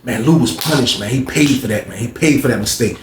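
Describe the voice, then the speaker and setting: A man telling a story in a casual, slangy, animated way. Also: mid-range voice, fast, noisy background. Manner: animated, slangy, acts out quoted voices. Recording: roomy echo.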